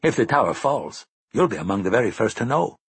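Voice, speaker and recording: A man's voice: lowish voice, big pitch swings, fairly quick, slightly rough, dry recording, exaggerated voice. A man voicing a weary middle-aged male ex-priest who speaks in a dry, wry way. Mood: teasing.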